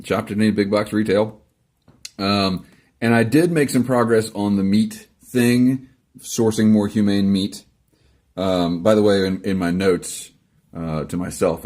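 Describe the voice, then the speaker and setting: A man's voice: low voice, a little mellow. A man answering viewer comments in a casual video, dry and sarcastic, rambling along with self-deprecating asides, recorded in his garage. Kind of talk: casual chat to camera. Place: home garage.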